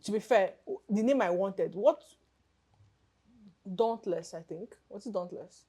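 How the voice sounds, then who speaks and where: A woman's voice: medium pitch, unhurried, mellow, slightly rough. A woman in her twenties from Nigeria, co-hosting a casual podcast chat and telling rambling stories with frequent laughs and self-corrections. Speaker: podcast co-host.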